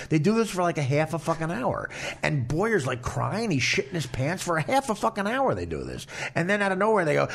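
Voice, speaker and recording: A man's voice: on the high side, sing-song, fast, gravelly, breathy edge. A middle-aged man hosting a podcast, telling a long, profane anecdote in casual chat. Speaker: podcast host.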